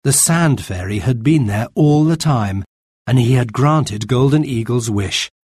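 A man narrating a children's storybook in a plain, measured way. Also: medium pitch, lively intonation, darkish tone, slightly rough, no room sound, studio quality. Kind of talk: storybook reading.

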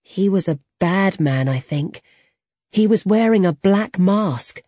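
A troubled young woman, put on by a storybook narrator, speaks in a lifted, soft, pleading voice. Her words come slowly and sit dry and close. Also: mid-range voice, lively intonation, no room sound, pitched above the performer's own voice.

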